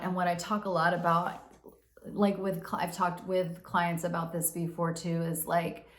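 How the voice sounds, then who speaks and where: Candid woman talking in a roomy space. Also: on the low side. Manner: candid, swears, acts out inner voices. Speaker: podcast host. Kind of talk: casual self-help talk. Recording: roomy echo.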